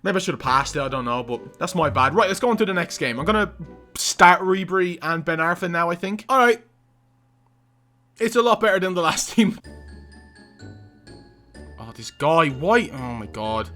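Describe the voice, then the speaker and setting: A young man calls his own football game match in a high, bright voice that leaps all over the place. He bursts into excited shouts and teasing banter as the play swings. Faint game music runs underneath. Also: moderate pace, pauses often. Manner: excitable, loud outbursts and banter. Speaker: gaming YouTuber. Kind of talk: live gameplay commentary.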